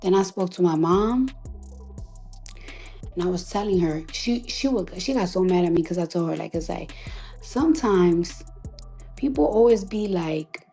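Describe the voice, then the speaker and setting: A woman artist delivering an emotional, defiant monologue on a live audio chat, repeating herself for emphasis, swearing freely and sometimes dropping to a hushed whisper. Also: fairly low pitch, faint music behind. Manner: emphatic, defiant, repetitive, profane; slows to a hushed whisper at times. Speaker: recording artist.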